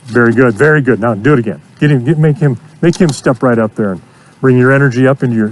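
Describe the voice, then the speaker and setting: A man coaching a student through horse training outdoors, giving steady encouragement and repeating his praise. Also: medium pitch, fast, a little hiss or hum. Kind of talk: hands-on coaching.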